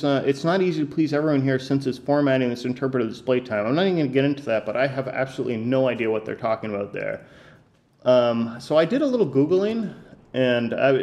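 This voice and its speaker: A man's voice: medium pitch, darkish tone. A man with a mid-range voice hosts a casual podcast. He talks in an incredulous, rambling way, full of fillers and false starts. He reads a passage aloud and then picks it apart. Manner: hesitant, many restarts and fillers, incredulous. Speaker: podcast host.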